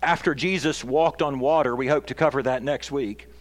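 A man's voice: medium pitch, normal speed. A man preaching a sermon as pastor, earnest and building to emphatic peaks. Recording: long reverb of a large hall.

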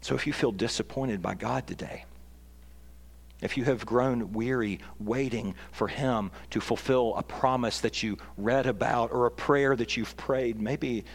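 A man's voice: medium pitch, steady tone, a little slow, gravelly. A man preaching a sermon as pastor, earnest and building to emphatic peaks. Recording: long reverb of a large hall.

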